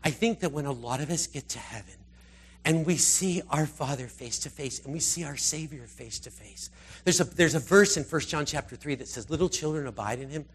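A man delivers a casual sermon, talking through scripture passages as if telling stories to friends. His voice is slightly raised in pitch with a husky edge. He slips into the voices of the people he quotes. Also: a little fast. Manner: conversational, animated, acts out scripture quotes. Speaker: preacher. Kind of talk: informal sermon.

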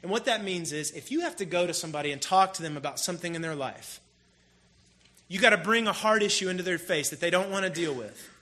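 A man preaching a sermon in a casual, storytelling way, with animated emphasis. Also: high voice, fast talker. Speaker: pastor. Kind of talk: conversational sermon.

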